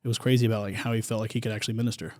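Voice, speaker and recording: A Texan man with a mid-range voice talks fast and easygoing as a podcast guest. His voice sounds close and dry, with no room echo. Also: on the low side, flat delivery, darkish tone. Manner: quick, easygoing, chatty. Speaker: podcast guest, real estate agent. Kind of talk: casual interview chat.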